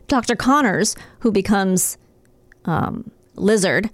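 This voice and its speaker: A woman's voice: mid-range voice, very slow, dry recording. A middle-aged woman co-hosting a podcast, chatting casually and laughing often as she tells stories. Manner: giggly, animated storyteller. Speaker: podcast co-host. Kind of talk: casual chat.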